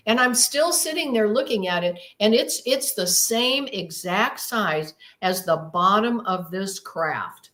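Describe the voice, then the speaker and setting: A woman's voice: medium pitch, lively intonation, unhurried, hardly any pauses, fairly bright tone. A woman being interviewed who tells her story with emphasis and drama, acting out her own inner thoughts as she goes. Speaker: guest.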